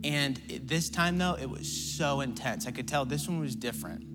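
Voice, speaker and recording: A man preaching a sermon as pastor. He repeats phrases and calls on the congregation to answer back, swinging from rising, shouted appeals to quiet storytelling. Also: mid-range voice, moderate pace, over music. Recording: long hall reverb.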